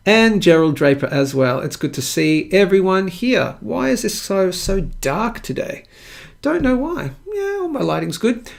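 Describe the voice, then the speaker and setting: A man's voice: high-pitched, vocal fry. An Australian man hosting a live stream, chatting with viewers in a playful, rambling way and joking at himself. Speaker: live-stream show host.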